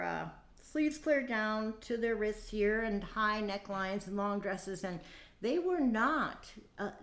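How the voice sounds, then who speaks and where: Chatty woman host in an echoey room. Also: mid-range voice. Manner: chatty and folksy, with many fillers and asides. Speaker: podcast host. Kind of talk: casual solo dating-advice talk.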